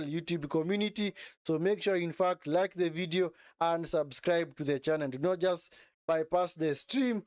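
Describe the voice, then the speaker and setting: A man hosts a live football watch-along, talking over the match in a fairly high, smooth voice. He repeats his phrases and keeps tagging them with "man". The sound is dry and close, with little room echo. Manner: animated, repeats phrases, says "man" often. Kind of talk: live match reaction commentary.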